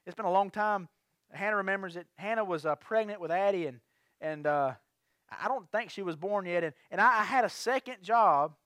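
Man in his thirties, high-pitched pastor, rambling, lively sermon storytelling, dry close sound. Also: fairly quick, no echo.

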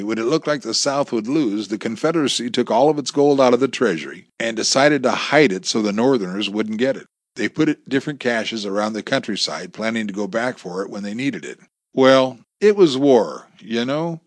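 A man voicing a cocky, menacing male gunman who taunts his captives in a gruff voice, in a dry recording. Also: medium pitch, animated, fairly quick, dry recording, natural voice. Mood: gruff taunting.

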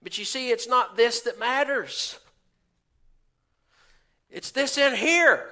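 Country-style preacher guy, high bright voice, keeps asking the crowd "huh?" and "amen?". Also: takes it slowly. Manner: folksy, preaching with rhetorical questions and asides; acts out quoted voices of churchgoers. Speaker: pastor. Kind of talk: sermon.

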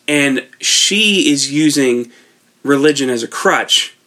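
A man's voice: medium pitch, lively intonation, slow pace, bright, forceful tone. A man co-hosting a casual movie discussion, rambling and loose with many fillers and restarts, recorded on an iPad. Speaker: podcast co-host.

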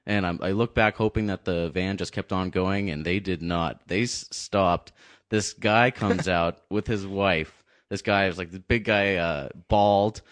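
Low-ish guy rambling through a story, lots of likes, dry close sound. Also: fairly even intonation, a little slow, fairly bright tone, no room sound. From New Hampshire. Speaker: podcast co-host. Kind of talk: casual storytelling chat.

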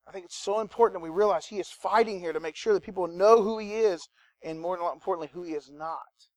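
A man preaching a sermon in an animated, conversational way, with asides to the congregation. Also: sits high, fast, no echo. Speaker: pastor.

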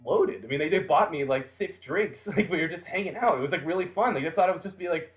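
An American man telling a long personal story in a casual podcast chat, animated and often laughing as he acts out the people in it. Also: fairly high pitch, fast. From United States.

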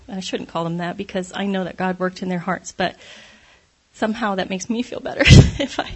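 A woman giving a conversational devotional talk, candid and self-deprecating, laughing often as she speaks. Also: fairly low pitch.

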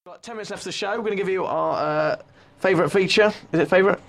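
A man's voice: sits high, very fast, vocal fry, fairly bright tone. A man hosting a comedy radio show, riffing in rambling, mock-grumpy banter.

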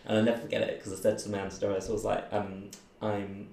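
A man recounts his own story in relaxed conversation, slipping into the voices of the people in it. His voice is low and gravelly. The room around him is roomy and echoing. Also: quick pace. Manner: chatty, laughs often, acts out voices in his story. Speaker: interviewee. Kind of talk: casual personal storytelling.

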